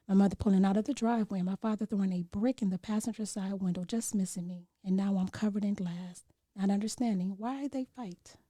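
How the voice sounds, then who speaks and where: A woman's voice: medium pitch, warm tone, no echo, clean studio sound. A woman on a podcast reciting a spoken-word poem in an earnest voice that sinks at times into near whispers. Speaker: podcast guest.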